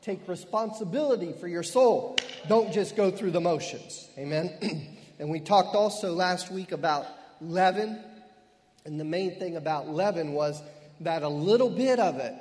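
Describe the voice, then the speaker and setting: A middle-aged man preaching a fervent sermon as pastor, sprinkling in amens and hallelujahs and slowing down hard on key phrases. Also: sits high, expressive, a little mellow. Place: church. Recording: long reverb of a church hall.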